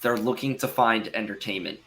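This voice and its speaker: A man's voice: fairly low pitch, fairly quick, noisy background. A young man co-hosting a podcast in a loose, rambling casual chat. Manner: loose, rambling, uses lots of fillers. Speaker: podcast co-host.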